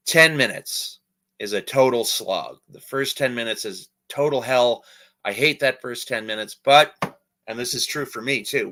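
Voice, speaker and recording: A man chatting casually in a vlog, rambling with many fillers and restarts, telling stories in an animated way. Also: medium pitch. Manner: animated storytelling. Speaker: vlogger and amateur magician.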